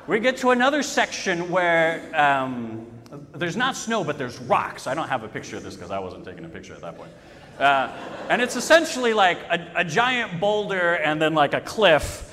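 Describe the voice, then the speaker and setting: Brief: male pastor, sermon storyteller, lively and self-deprecating, reverberant church hall. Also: on the high side, moderate pace, a little hiss or hum. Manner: storytelling, self-mocking, emphatic.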